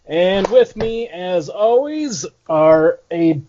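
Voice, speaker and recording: A man hosting a casual podcast over a video call, talking slowly and at ease in a slightly raised voice. He laughs often between lines. The call audio sounds dull and lo-fi. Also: high voice, animated, dark tone, a little hiss or hum. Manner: laid-back, laughs often, introduces guests. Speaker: podcast host. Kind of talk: casual chat.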